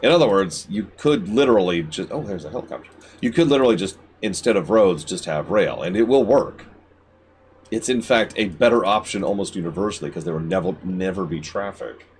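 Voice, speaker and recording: Man, streamer, live game commentary, deep voice, wide pitch swings, shouts and mutters at the game. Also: animated, fairly quick, a little hiss or hum. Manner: talks to the game, swinging between shouted outbursts and low mutters.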